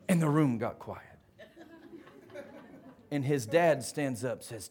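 Man, pastor, sermon, animated storytelling, moderately high voice. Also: moderate pace. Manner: animated storytelling, swings from quiet to loud.

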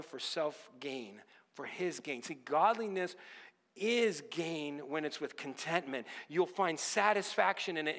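A man's voice: a little high, a bit bright, in a large hall. A man preaching a sermon, telling a story with voiced quotes and exhorting his church to give. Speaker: pastor. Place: church sanctuary.

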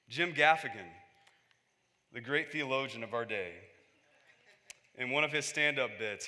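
A man's voice: medium pitch, pushed and bright, in a large hall. A man preaching a conversational sermon as a pastor, acting out quoted voices and building to emphatic peaks.

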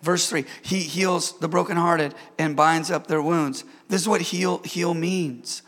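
A man's voice: a little high, fairly even intonation, unhurried, hardly any pauses, a bit bright, long reverb tail. A man preaching a sermon as pastor, emphatic, repeating himself and calling out to the congregation. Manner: emphatic preaching with repetitions and audience call-outs.

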